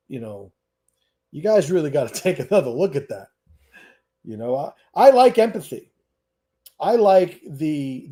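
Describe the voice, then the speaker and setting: A man's voice: fairly high pitch, mellow. Blunt, profane man hosting a stream. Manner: blunt, profane and emphatic, with repeated restarts. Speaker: host. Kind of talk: livestream Q&A monologue.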